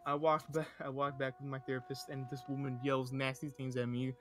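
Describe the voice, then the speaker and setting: A man's voice: mid-range voice, level tone, brisk, few pauses, a bit bright. A young man hosting a comedy podcast, reading stories aloud in a casual, joking way. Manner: reads aloud with acted voices, joking.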